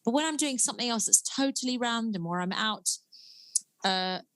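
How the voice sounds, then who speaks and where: A woman's voice: fairly high pitch, lively intonation, normal speed, a bit bright, a little hiss or hum. A woman comedian, chatting animatedly at home as a podcast guest. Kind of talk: casual podcast conversation.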